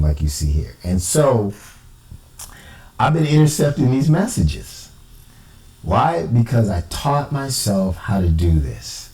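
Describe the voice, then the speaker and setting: A man's voice: lowish voice, dark tone, reverberant, recorded from a distance, rough recording. A man, an amateur cipher investigator, talking in an emphatic, indignant personal monologue. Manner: emphatic, indignant, quotes others in exaggerated voices.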